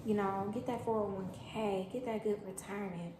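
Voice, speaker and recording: A woman's voice: mid-range voice, steady tone, fairly quick, roomy sound, background noise. A young woman from Germany chatting bluntly to her viewers while she cooks at home. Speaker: vlogger. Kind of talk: casual vlog chat while cooking. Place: home kitchen.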